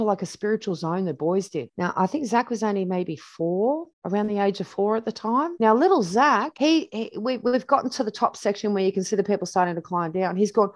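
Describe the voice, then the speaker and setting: A woman's voice: mid-range voice, no room sound. A woman with an Australian accent tells stories loosely, as if walking a friend through a photo album. Her voice sits in a middle register, and she often doubles back on her own words. The sound is dry and close, with no room around it. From New South Wales, Australia. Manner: chatty and rambling, with many restarts; vivid anecdotes with reported speech. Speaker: interview guest. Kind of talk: casual storytelling over photos.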